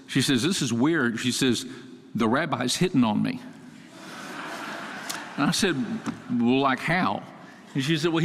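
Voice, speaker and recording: A man's voice: medium pitch, a bit bright. A man in his seventies from Texas giving a humorous storytelling eulogy, conversational and wry, lifting his voice to act out quoted dialogue. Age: 70s. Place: large synagogue sanctuary. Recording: long reverb of a large hall.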